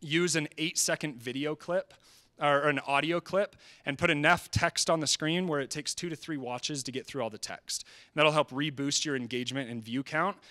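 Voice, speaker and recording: Bright, upbeat man giving a talk. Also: a little high. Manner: energetic, conversational, quotes people in quick asides. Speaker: presenter at a training session. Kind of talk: live presentation. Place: presentation hall.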